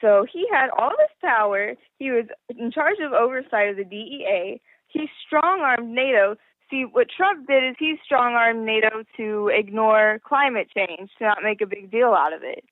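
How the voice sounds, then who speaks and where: A woman calling into a talk show, speaking earnestly with many halting fillers. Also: on the high side, animated, no room sound. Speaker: caller. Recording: tinny phone line.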